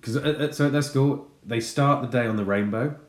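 A man in his thirties telling a funny story about his son in a casual, sweary, animated way. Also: mid-range voice, brisk. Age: 30s. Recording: echoey room.

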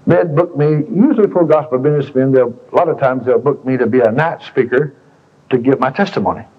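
A man preaches to a congregation in a folksy, colloquial manner, leaning on repetition and stories. His voice is husky and of middling pitch. The tape sounds dull and lo-fi. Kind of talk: sermon with storytelling.

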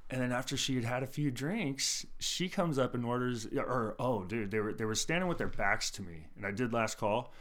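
A man's voice: mid-range voice, moderate pace, hardly any pauses, a bit bright. A man who works as a bartender, telling stories in casual chat, laid-back and profane, with lots of "dude" and "like" fillers.

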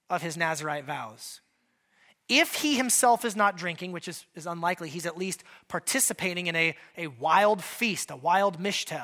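A male pastor preaching a sermon in a conversational, joking way, acting out quoted lines with a raised voice. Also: sits high. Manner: conversational, joking, animated Bible teaching.

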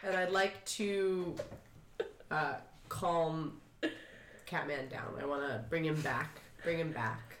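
A woman's voice: deep voice, slow pace, fairly bright tone, echoey room, slight background noise. Tipsy woman player, giggly and hesitant.

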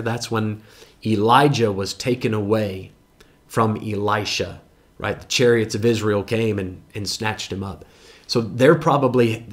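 A man teaching through a Bible passage verse by verse, conversational, with asides to his listeners. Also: medium pitch.

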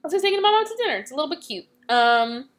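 A woman hosting a podcast, retelling a movie plot in casual, quick chat and acting out the characters' lines. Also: sits high. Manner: animated, quick retelling with acted-out quotes. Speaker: podcast host.

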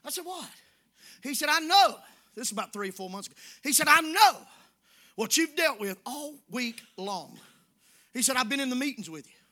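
A man preaching in church, folksy and conversational, swinging from hushed asides to shouting. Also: very high voice, big pitch swings, normal speed. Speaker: pastor. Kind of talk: sermon. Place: church sanctuary.

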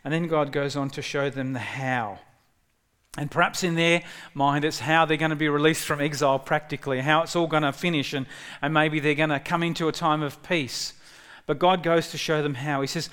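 A man's voice: fairly high pitch, clean tone. Conversational male pastor preaching. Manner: conversational, animated when quoting God, halting restarts. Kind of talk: sermon.

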